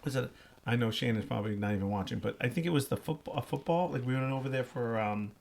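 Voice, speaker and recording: A man's voice: medium pitch, quick pace, gravelly, slight background noise. A middle-aged man, a podcast co-host, telling a rambling story in casual chat, full of fillers and restarts. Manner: laughs through his words.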